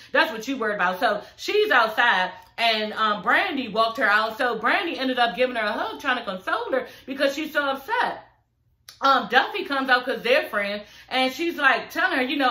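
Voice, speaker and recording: A woman's voice: fairly high pitch, bright, forceful tone, reverberant. A young adult woman recapping a reality show in a blunt, sassy, profane way, laughing often as she rants. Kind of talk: casual recap rant.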